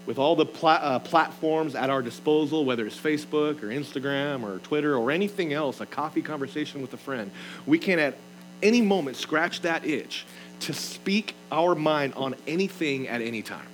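A man's voice: fairly high pitch, lively intonation, moderate pace, faint music behind, rough recording. A man preaching a sermon in an earnest, emphatic way, reading scripture aloud and explaining it. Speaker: pastor.

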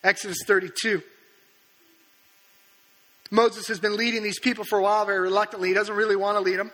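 A man's voice: sits high, little pitch movement, fast, a bit bright. A male pastor preaching a sermon, retelling scripture in a casual, conversational way with colloquial asides, in a church sanctuary. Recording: echoey hall reverb.

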